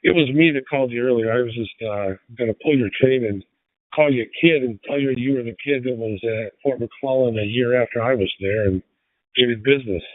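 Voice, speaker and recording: A man's voice: mid-range voice, fairly quick, no room sound. A man in his sixties chatting in a laid-back, dry-humored way on a ham radio net. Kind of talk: casual radio chat. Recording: tinny radio transmission.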